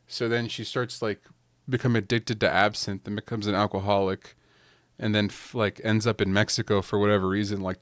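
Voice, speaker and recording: A man's voice: fairly low pitch, clean tone, dry recording, studio quality. A young man in casual chat, rambling through a movie plot with lots of "like" and briefly acting out the characters' lines. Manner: rambling storyteller, leans heavily on "like". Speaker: podcast panelist.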